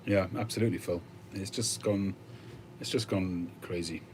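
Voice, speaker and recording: Male streamer, deep voice, relaxed thinking-aloud chat with viewers, lots of hesitant pauses. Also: a little hiss or hum. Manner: conversational, musing, with frequent hesitations. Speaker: livestream host reading viewer comments. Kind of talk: casual chat.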